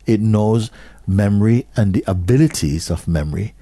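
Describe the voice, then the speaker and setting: A man speaks as a spiritual teacher to an audience in a low, husky voice. He talks slowly and questioningly, repeating short phrases and sometimes sinking to a near-whisper. The sound is dry and close. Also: lively intonation, dark tone, dry recording.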